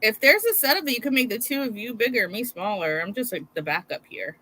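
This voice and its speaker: A woman's voice: on the high side, expressive, fast talker, sharp tone. A woman who makes diamond paintings, chatting on a video call in a self-deprecating way. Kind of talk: casual video call chat.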